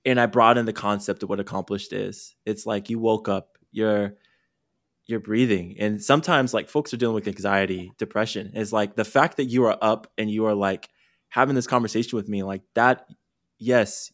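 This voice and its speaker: Low-voiced man hosting a casual podcast. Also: fairly even intonation, moderate pace, a bit bright. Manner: candid, rambling, self-interrupting. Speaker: podcast host and career coach. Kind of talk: casual conversational interview.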